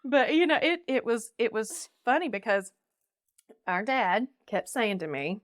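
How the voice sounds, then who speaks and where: A young woman from North Carolina recounts her past on a podcast with real animation, her voice sitting a little high. She laughs often and acts out each quote in a different voice. The recording is dry and close. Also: expressive, unhurried, no room sound. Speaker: guest. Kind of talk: casual storytelling.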